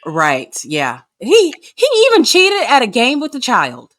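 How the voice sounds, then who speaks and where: Woman podcast guest, animated swooping pitch, bright tone, indignant asides. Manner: lively, reacts with quick agreement and indignant asides. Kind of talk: casual chat about a reality show.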